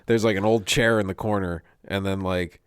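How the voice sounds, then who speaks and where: A man's voice: low-pitched, fairly even intonation, normal speed, smooth, no room sound, studio quality. A man co-hosting a casual podcast, crude and jokey, laughing often. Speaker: podcast co-host. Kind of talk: casual chat. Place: home basement.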